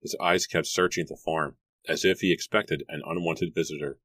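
A man narrating an audiobook in a measured storybook reading. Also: very deep voice, fairly even intonation, a bit bright, dry recording.

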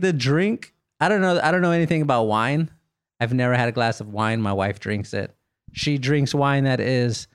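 A man's voice: mid-range voice, clear, resonant tone, no room sound, clean studio sound. A man hosting a comedy podcast, answering listener questions in a loose, joking storytelling manner. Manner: animated storyteller, quick bursts of laughter, jokey. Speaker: podcast host. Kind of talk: casual comedic Q&A.

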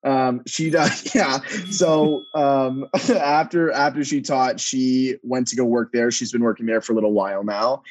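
A man's voice: mid-range voice, fairly even intonation, a little slow. A young man from Texas, a guest on a podcast, talking earnestly and politely and laughing easily. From Dallas, Texas. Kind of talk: casual interview chat.

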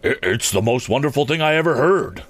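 A man's voice: mid-range voice, animated, fairly quick, a bit bright, voice pushed up. A man voicing a flustered, fussy elderly bank president who stammers and gushes, in a storybook reading. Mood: amazed. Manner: stammering, effusive.

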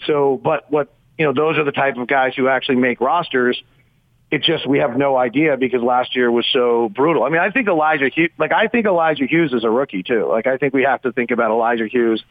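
A man with a mid-range voice, a team radio broadcaster appearing as a guest, calls into a sports radio show for casual analysis, breaking down the team at length. He rambles and thinks aloud, coming through a thin, tinny phone line that sounds dry and close with no echo.

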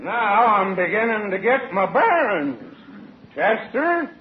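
Blustering old sailor. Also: male voice, sits high, big pitch swings, slow, a little hiss or hum, heavily acted. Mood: gruff. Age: older. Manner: bellowing nautical slang and sea insults. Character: blustering old male sailor, a visiting father. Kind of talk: 1940s radio comedy acting. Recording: roomy, dull old radio recording.

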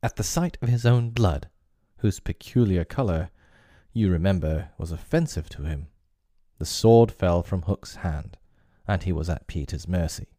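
A man reading a classic story aloud as narrator, in a measured and expressive storybook way. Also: deep voice, no room sound, studio quality.

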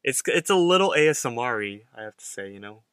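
A young man in his twenties talks casually on a podcast, recapping a cartoon and acting out the characters' lines. His voice is bright and forceful, recorded close and dry. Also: mid-range voice, a little fast, clean tone, no room sound. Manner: animated, acts out characters' lines while recapping. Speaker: podcast co-host.

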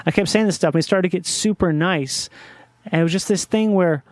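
Young male comedian guest, high-pitched, rambling chatter, dry mic. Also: fast, darkish tone, no room sound. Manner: rambling, restarts, laughs. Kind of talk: casual conversation.

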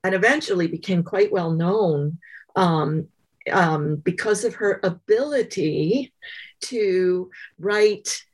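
Woman interview guest, low husky voice, unhurried and reflective storytelling. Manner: thoughtful, measured storytelling with many pauses. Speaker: guest author. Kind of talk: interview conversation.

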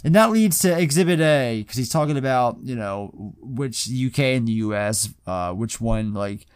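A man co-hosts a film podcast in easy, profane chat that circles and repeats itself. His voice is smooth and resonant, recorded close and dry with no room around it. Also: mid-range voice, animated, moderate pace, no echo. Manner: profane, loose, repeats words. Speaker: podcast co-host. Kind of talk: casual film discussion.

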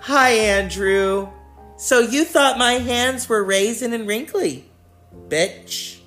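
A man's voice: very high voice, slow pace, pushed and bright, soft background music, voice pushed up, heavily acted. A man doing a sassy older woman politician. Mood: taunting. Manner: sassy, taunting.

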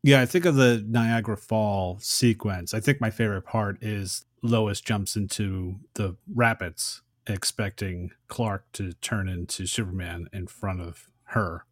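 Male podcast co-host, very low voice, conversational, dry recording. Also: fairly even intonation, unhurried, hardly any pauses, no echo. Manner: agreeable, conversational. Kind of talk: casual film discussion.

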